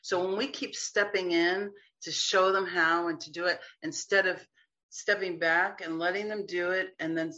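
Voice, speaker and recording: A chatty woman speaking as a guest healer, her bright voice carrying easily through the talk. She often slips into little quoted voices to make a point. The recording sounds slightly dull and lo-fi. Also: lowish voice, fairly even intonation, moderate pace. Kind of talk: casual interview chat.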